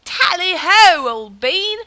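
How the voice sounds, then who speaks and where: Woman putting on a hammy posh gentleman. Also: very high voice, expressive, slow pace, voice pushed up, exaggerated voice. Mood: jolly. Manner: hammy put-on British accent that drifts. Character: pompous posh aristocratic gentleman.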